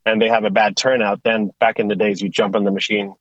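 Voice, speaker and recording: A man from Sweden, a company executive telling stories casually on a podcast, animated and restarting his sentences often. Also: on the low side, fast talker, no room sound, highs cut off. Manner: animated storyteller with frequent restarts. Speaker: guest, tilt rotator company executive. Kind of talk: casual conversational storytelling.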